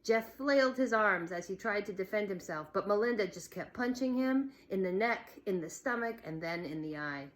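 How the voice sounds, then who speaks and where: A woman teacher reading a children's novel aloud in a slow, deliberate storytelling manner. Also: mid-range voice, animated. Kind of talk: read-aloud narration.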